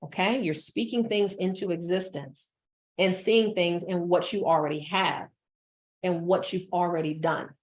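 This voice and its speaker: A woman business coach giving an energetic motivational talk, repeating phrases for emphasis. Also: lowish voice, a little slow.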